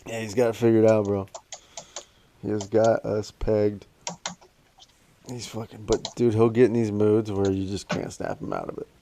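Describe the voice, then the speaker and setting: A man's voice: lowish voice, lively intonation, moderate pace, vocal fry, pauses often, mellow. A man in his thirties co-hosting a casual podcast, laid-back and swearing freely, laughing often as he chats. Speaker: podcast co-host. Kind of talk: casual chat. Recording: noticeable background noise.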